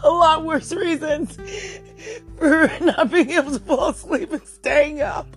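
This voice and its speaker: A woman with a high voice speaks at a measured pace, faint music behind her. Hosting her own podcast late at night, sleepless, she chats casually on her own and keeps breaking into helpless giggles.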